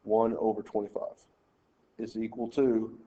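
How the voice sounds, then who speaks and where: A man's voice: fairly low pitch, flat delivery, measured pace, mellow, slightly rough, dull audio. A man teaching a math lesson, working through problems step by step and telling students how to lay out their work. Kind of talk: screen-recorded math lesson walkthrough.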